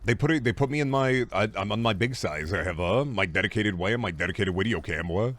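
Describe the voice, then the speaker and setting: A man streaming a game, chatting casually with viewers in animated, profane bursts. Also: fairly low pitch, fast. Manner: animated, swearing, mock-scolding outbursts. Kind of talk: casual gameplay commentary.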